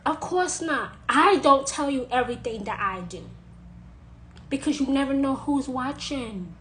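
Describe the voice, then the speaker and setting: Insistent high-voiced woman, repeating herself. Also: lively intonation, a little slow, fairly bright tone, slight background noise, low-quality recording. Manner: insistent, repeating phrases for emphasis. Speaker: witch sharing advice. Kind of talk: emphatic monologue to camera.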